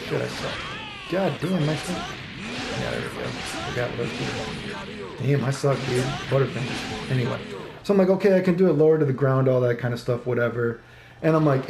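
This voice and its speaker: Gravelly man rambling over game footage. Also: fairly high pitch. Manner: rambling, swears often, quotes his own thoughts. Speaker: fighting game commentator. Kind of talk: casual gameplay commentary. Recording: echoey room with music behind.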